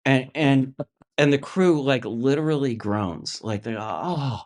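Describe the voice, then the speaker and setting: A middle-aged actor telling a story as a guest, lively and full of restarts, acting out the voices of others. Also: male voice, mid-range voice, a little slow. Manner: lively anecdote teller, acts out quoted voices, many restarts. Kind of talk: animated storytelling.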